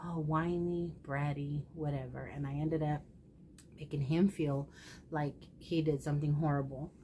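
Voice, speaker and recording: A woman's voice: low voice, fairly even intonation, measured pace, muffled recording, a little hiss or hum. Candid, emotional woman vlogger. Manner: candid, emotional and self-deprecating; chatty, addresses viewers directly. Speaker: thrift haul vlogger. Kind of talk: casual confessional chat to camera.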